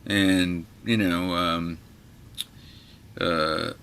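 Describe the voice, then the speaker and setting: A man with a low, bright and forceful voice tells a story in a relaxed, casual chat. He acts out the people he quotes as he goes. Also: very slow, clean tone. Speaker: guitar magazine editor and guest.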